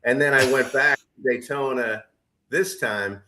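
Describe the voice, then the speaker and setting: A man's voice: mid-range voice, a little slow, pushed and bright, slight background noise. A middle-aged man co-hosting a casual podcast chat, rambling with lots of fillers and restarts. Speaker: podcast co-host.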